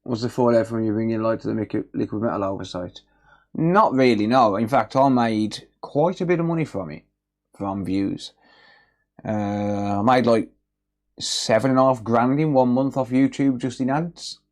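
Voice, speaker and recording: A man's voice: medium pitch, normal speed. A man hosting a live repair stream, joking bluntly with chat and reading out repair notes. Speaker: electronics repair livestream host. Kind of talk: casual livestream chat while working. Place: repair workbench indoors.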